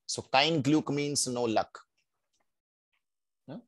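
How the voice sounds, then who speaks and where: A man teaching a beginners' German class. He explains patiently, drills words slowly and keeps checking in with his students. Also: medium pitch, dry recording, rough recording. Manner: patient, checks in often with "right?" and "no?"; drills pronunciation slowly, word by word. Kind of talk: live online language class.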